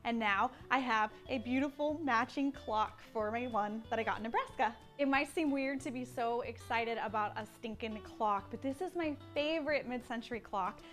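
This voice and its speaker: A woman reselling vintage goods, chatting in a casual vlog, excitable and quick to get emotional. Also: fairly high pitch, faint music behind. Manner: excitable and gushing, easily emotional. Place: small vintage shop indoors.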